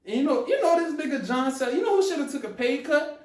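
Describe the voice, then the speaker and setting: A man performing a stand-up comedy set, loud and laughing through his punchlines. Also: very high voice, animated, fast. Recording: echoey room, voice from a distance.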